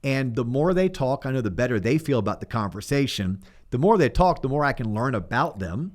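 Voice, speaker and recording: A middle-aged mortgage coach hosts a casual podcast chat, coaching small talk by acting out sample phone calls. His mid-range voice swings widely in pitch, and he talks fairly quickly.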